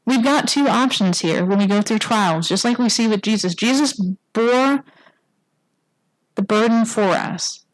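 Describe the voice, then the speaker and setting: A woman's voice: a little high, unhurried, no echo, rough recording. Woman preaching in a dry, close sound. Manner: casual, asks the congregation "right?" often; acts out quoted lines in a livelier voice. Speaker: church speaker. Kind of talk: conversational sermon. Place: church sanctuary.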